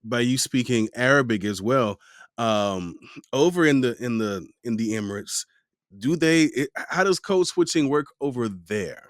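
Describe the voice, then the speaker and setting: A man hosting a podcast, asking questions in a relaxed, chatty way with casual slang. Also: medium pitch, unhurried, no echo, studio quality. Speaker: podcast host. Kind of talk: casual interview conversation.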